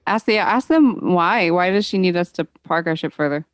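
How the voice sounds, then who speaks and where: A woman playing a tabletop game, chatting casually and asking quick, joking questions. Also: on the low side, animated, no room sound, studio quality. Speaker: player.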